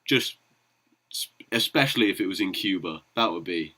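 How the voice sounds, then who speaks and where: A man's voice: low voice, lively intonation, moderate pace, bright, forceful tone, rough recording. A man co-hosting a sports podcast, hesitant and full of fillers. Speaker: podcast co-host. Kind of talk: casual debate.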